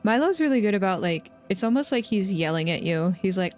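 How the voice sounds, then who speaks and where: A woman's voice: medium pitch, lively intonation, brisk, darkish tone. Chatty woman streamer, rambling. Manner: rambling, chatty, restarts often. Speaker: live streamer. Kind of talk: casual chat with stream viewers while gaming. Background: faint game music.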